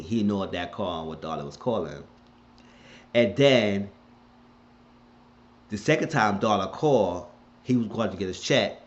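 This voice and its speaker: Low-voiced man rambling through a recap. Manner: rambling, colloquial, retelling scenes. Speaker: TV show recapper. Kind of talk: casual episode recap. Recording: dull lo-fi recording.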